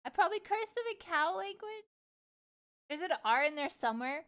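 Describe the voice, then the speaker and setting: A woman's voice: extremely high pitch, lively intonation, normal speed, fairly bright tone. A woman streamer chatting casually on a live stream, playful and rambling, swearing freely. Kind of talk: casual livestream chat.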